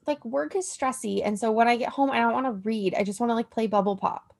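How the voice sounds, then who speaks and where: A young woman co-hosting a podcast, talking in a relaxed, easygoing way with lots of fillers. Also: a little high, fast talker, gravelly. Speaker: podcast co-host. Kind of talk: casual pop culture chat.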